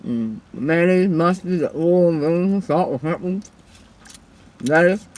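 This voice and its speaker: A woman's voice: fairly low pitch, unhurried, darkish tone. A woman hosting a mukbang eating show from her car, chatting casually to viewers between bites, often murmuring approval and a little out of breath. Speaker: mukbang host.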